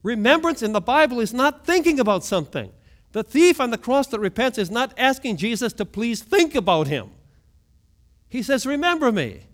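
A man preaching a sermon, moving between hushed low lines and sudden raised outbursts, often asking his listeners questions. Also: lively intonation, moderate pace. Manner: asks the congregation questions. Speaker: pastor.

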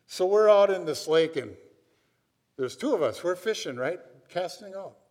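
A man from Minnesota delivers a sermon in a storytelling, conversational manner, often tossing in "right?". His voice sits a little high. It rings out with a long reverb from a large hall. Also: expressive, moderate pace, darkish tone. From Minnesota, USA. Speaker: pastor.

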